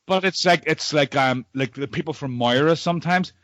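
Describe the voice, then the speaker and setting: A man's voice: on the high side, normal speed, a bit bright, no echo. A Northern Irish man hosting a podcast over a video call, chatting with old friends in a rambling way, repeating words and swearing freely. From Northern Ireland. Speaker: podcast host. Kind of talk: casual chat among old friends.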